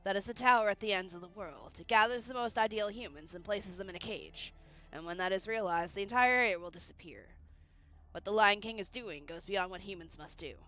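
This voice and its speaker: A woman voicing a calm, loyal male knight who speaks in a measured, grave way. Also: mid-range voice, dull audio, close to an everyday voice.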